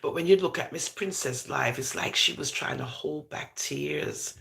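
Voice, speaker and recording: A woman giving lively, laughing commentary to viewers, slipping into patois as she goes. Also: low-pitched, slow pace, creaky. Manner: animated, laughing, patois-flavored gossip talk. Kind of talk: casual live commentary.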